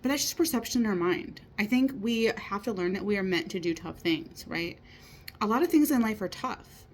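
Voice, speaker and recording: In an animated, medium-pitched voice at normal speed, a motivational speaker in her thirties delivers an earnest, encouraging casual talk. She keeps checking in with her audience using lots of rhetorical "right?" tags, and there's slight background noise.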